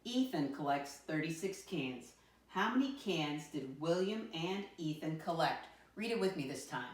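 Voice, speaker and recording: A woman teaching first graders a math lesson in a lower, sing-song voice, counting numbers out loud and coaxing the class along. She sounds a little far from the microphone, in a roomy, echoing space. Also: expressive, a little slow. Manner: sing-song teacher voice, counting aloud, calls listeners "my friends". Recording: roomy sound from a distant mic.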